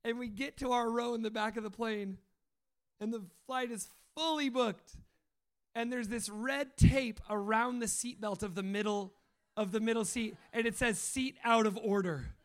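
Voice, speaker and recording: Preaching at a moderate pace in an extremely high-pitched voice, a man animatedly recounts personal stories. He laughs frequently and acts out the quotes.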